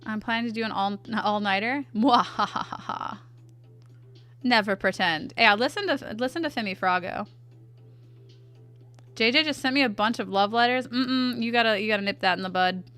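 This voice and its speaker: A woman's voice: a little high, brisk, fairly bright tone, smooth, faint music behind. A young woman chatting playfully with her live chat as she draws, answering them aloud. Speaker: artist streamer. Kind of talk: casual livestream chat while drawing.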